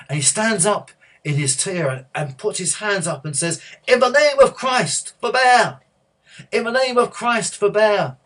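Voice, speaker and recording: A man preaching, telling a story with many halting restarts and growing hushed and earnest. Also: mid-range voice, breathy edge. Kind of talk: sermon storytelling.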